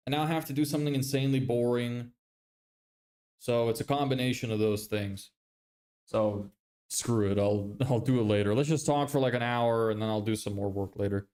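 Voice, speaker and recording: A young man talks loosely to his viewers on a livestream. His pitch sits in the middle range for a man. He swears freely and laughs often. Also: dark tone. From Ireland. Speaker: livestreamer and agency owner. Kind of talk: casual livestream chat reading viewer messages.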